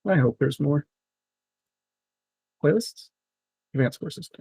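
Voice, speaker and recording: A man casually commenting on a live stream as he works through software, muttering to himself in a wry, self-mocking way. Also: fairly high pitch, takes it slowly, gravelly, husky, dry recording.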